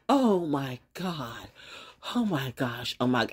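A woman vlogging in a casual livestream monologue, blunt and swearing, laughing often and swinging from loud shouting to low muttering. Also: sing-song, takes it slowly, breathy edge. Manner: blunt, swears, trash-talking.

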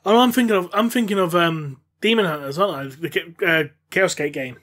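A man's voice: high-pitched, fairly bright tone. A man co-hosting a podcast, trading jokes and banter in casual chat. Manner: jokey, quick banter. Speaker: podcast co-host.

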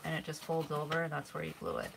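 Middle-aged lady chatting thru a live craft demo, kinda low voice, hiss in the background. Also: quick pace, creaky. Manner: chatty and relaxed, with frequent yawns. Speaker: crafting livestream host. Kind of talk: casual livestream craft demo, chatting with viewers. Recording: steady background noise.

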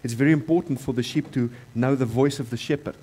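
This South African pastor speaks quickly in a mid-range voice, with slight background noise around him. Delivering a church sermon, he repeats key phrases and alternates between forceful, loud moments and softer stretches.

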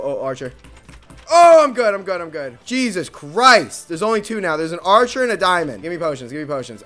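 A young gaming video creator delivers frantic gameplay commentary full of swearing, swinging between mumbles and yells. His voice sits in the mid range.

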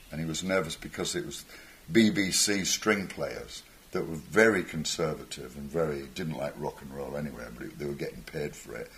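A man's voice: rumbling low, a bit bright. An older man, a musician guest on stage, telling rambling anecdotes with chuckles and acted-out voices. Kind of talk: anecdotal storytelling.

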